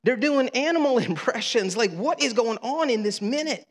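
A man's voice: very high voice, animated, normal speed, big-room sound, pitched above the performer's own voice. A man voicing a bemused, wry Jesus, speaking incredulously in a comic tone.

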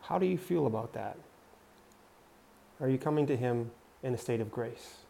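A man with a gravelly, mellow voice teaching scripture in an earnest sermon. He speaks straight to his listeners and prompts them to repeat key words. His tone stays warm and low. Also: expressive, moderate pace. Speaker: preacher.

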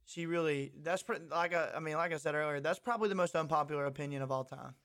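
Young male co-host, high voice, laid-back podcast banter, lots of "dude". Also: fast talker. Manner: laid-back, says "dude" a lot, gets loud and excited when riled up.

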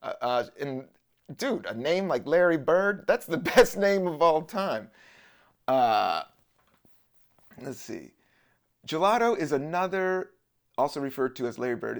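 A man hosts a podcast alone, drifting from topic to topic in a loose, joking ramble. His voice has a gravelly, fried edge and sits at an ordinary middle pitch. He grew up in the Washington DC area and swears easily. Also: expressive, normal speed. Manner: loose, wandering, jokey, swears casually. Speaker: podcast host. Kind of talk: rambling casual monologue.

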